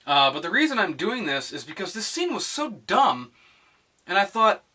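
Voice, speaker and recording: A man's voice: sits high, very animated, moderate pace, sharp tone, recorded from a distance. A young man ranting to camera in a profane, sarcastic vlog. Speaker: vlogger. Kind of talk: animated rant to camera.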